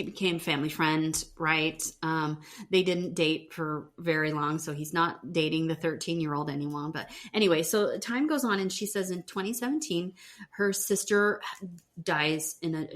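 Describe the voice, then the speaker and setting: Chatty woman podcast co-host, lower voice. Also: expressive, moderate pace, a bit bright. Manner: chatty, lots of fillers like "um" and "you know". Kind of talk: casual chat recapping a TV show.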